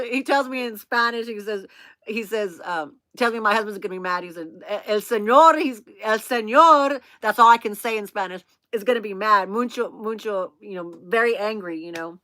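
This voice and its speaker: A woman's voice: on the high side, expressive, moderate pace, bright, forceful tone, no echo. A woman in her fifties hosting a vlog, telling a rambling story to her viewers in a chatty way, laughing often and calling them "y'all". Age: 50s. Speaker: vlog host.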